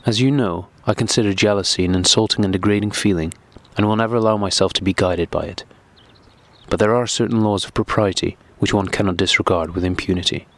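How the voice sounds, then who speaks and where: A man reading a stiff middle-aged husband who lectures in cold, measured sentences, deep and slow to bend. the tone stays formal and deliberate throughout, like a storybook official. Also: steady tone, no echo, lightly acted.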